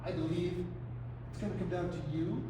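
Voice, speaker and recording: A man performing live improv comedy scenes in a bold, theatrical way, breaking into loud exclamations. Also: sits high, steady tone, a little fast. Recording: echoey stage from far off with noise.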